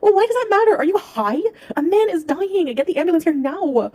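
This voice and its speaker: A woman's voice: very high voice, very animated, fairly quick, a little mellow. A woman playing a panicking wife calling 911 about her dying husband in a comedy skit, frantic and exasperated. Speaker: skit actor.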